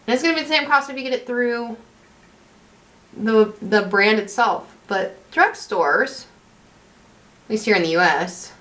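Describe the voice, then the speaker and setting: A woman's voice: fairly high pitch, a bit bright. A young woman chatting casually through a makeup tutorial, rambling and correcting herself as she goes. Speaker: beauty vlogger.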